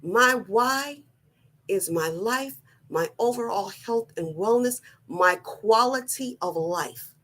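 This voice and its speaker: A middle-aged woman giving a personal motivational talk, slow, earnest and deliberate, often repeating her phrasing. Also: fairly high pitch, expressive, a bit bright. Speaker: wellness vlogger.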